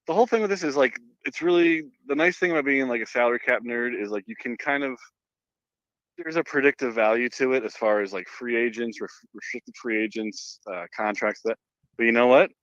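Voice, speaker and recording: A man's voice: medium pitch, a little fast, a bit bright, dry recording. Man, podcast guest, casual chat, loose and profane, dull dry sound. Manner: chatty, swears casually.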